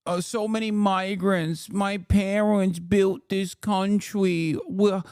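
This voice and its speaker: A man doing a mocking impression of a whiny, defensive male politician, drawn out and slow. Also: high-pitched, fairly even intonation, a little mellow, clear, resonant tone, dry recording.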